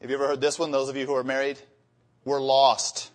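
A man's voice: mid-range voice, completely flat delivery, rapid-fire. A man preaching a sermon, telling humorous marriage stories and then reading scripture with rising emphasis. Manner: storytelling with acted-out marital dialogue. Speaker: pastor.

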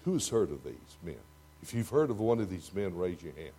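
An older man with a Texan accent preaching a sermon to a congregation, swinging from loud, emphatic lines to hushed ones. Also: low voice, very animated, moderate pace, husky. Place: church before a congregation.

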